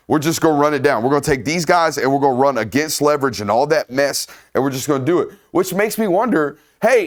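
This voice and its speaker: Host type: fired-up male film-breakdown guy, slightly high voice, casual and profane. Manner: animated, salty, keeps checking in with a co-host. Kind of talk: casual film-study commentary.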